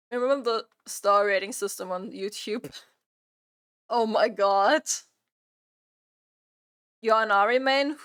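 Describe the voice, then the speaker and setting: A woman streamer chatting during a live reaction stream, exasperated and repeating her own phrases out loud. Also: a little high, clean tone.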